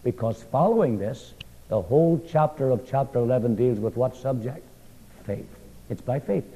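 A man's voice: medium pitch, lively intonation, moderate pace, mellow. A man teaching a Bible study as a sermon. He poses questions to his listeners, answers them himself, and repeats key phrases with a falling, emphatic finish. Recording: lo-fi recording with long hall reverb.

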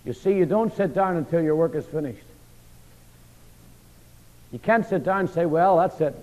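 A man's voice: on the high side, normal speed, mellow. A male preacher delivering a sermon, quizzing his listeners with questions and driving points home through repetition. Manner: call-and-response questions, emphatic repetition. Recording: dull long-reverb church hall recording.

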